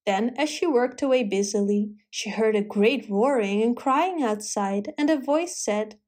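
A woman reading a children's Christmas story aloud in a gentle, rhythmic way. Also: fairly high pitch, a little slow, few pauses.

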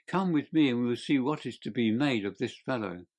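A cool, clever detective who speaks blandly and evenly, with quiet assurance, voiced by a man reading an audiobook. His voice stays close to the reader's own mid-range tone. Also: mid-range voice, expressive. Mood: composed. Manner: bland, measured. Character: calm, clever male detective.

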